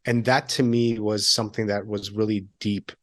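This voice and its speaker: A man's voice: fairly low pitch, little pitch movement, normal speed. A man in his thirties, a podcast guest, talking candidly, laughing often and acting out quoted lines in a raised voice. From Iranian heritage. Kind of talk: conversational interview.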